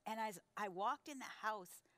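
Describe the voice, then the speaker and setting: A woman in her sixties telling a personal story in a conversational sermon, animated and acting out the voices. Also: mid-range voice, moderate pace, no room sound. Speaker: pastor's wife, co-speaker.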